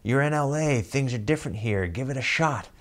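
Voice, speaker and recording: A man's voice: medium pitch, expressive, a little fast, pitched above the performer's own voice, natural voice. A man voicing his own shifty little inner voice, coaxing him to take a chance. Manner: sly, coaxing.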